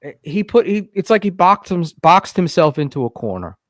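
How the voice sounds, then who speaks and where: A man's voice: high voice, very animated, normal speed, no echo, studio quality. A man co-hosting a casual podcast, talking hesitantly with many fillers. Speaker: co-host.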